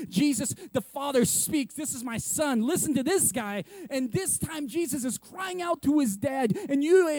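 High-voiced, emphatic male preacher. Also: no echo. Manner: emphatic, repeats words, asks rhetorical questions; shifts from loud and punchy to hushed. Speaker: pastor. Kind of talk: sermon.

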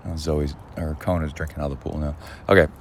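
A man hosting his own podcast in casual solo chat outdoors by a pool, rambling and halting with lots of fillers. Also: a bass voice, fairly even intonation, a little hiss or hum. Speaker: podcast host.

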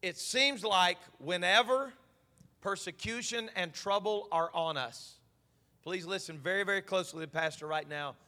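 Emphatic pastor with a bright, high voice. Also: male voice, normal speed. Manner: emphatic, pleading, asks the crowd if they follow. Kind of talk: evening sermon. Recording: long reverb of a large hall.

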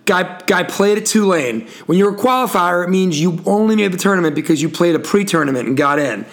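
A man's voice: high voice, brisk. A man hosting a sports talk show, telling the story in a wry, playful way and tossing to his co-host. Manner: storytelling, wry, full of wrestling references. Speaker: podcast host. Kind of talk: casual sports chat.

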